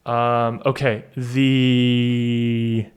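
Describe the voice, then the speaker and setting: Laid-back guy going thru a practice test, slow, talks to himself, fixes his own mistakes. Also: medium pitch, completely flat delivery, clear, resonant tone. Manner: thinks aloud, pauses and corrects himself mid-sentence; reads test sentences slowly and deliberately. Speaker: test-prep tutor. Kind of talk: casual walkthrough of a practice test.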